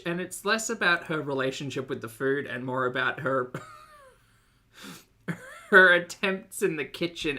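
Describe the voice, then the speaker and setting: A man's voice: fairly high pitch, sharp tone. A young Australian man hosting a live-stream reaction, chatty and joking as he greets viewers by name. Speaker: streamer and host.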